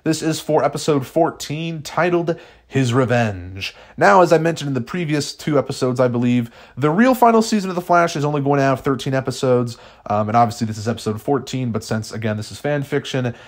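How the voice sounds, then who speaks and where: A man chats casually with his viewers and reads his own fan fiction episode aloud. He speaks at a middling pitch in a relaxed, friendly way. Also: a little fast. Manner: chatty, friendly sign-off. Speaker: YouTuber.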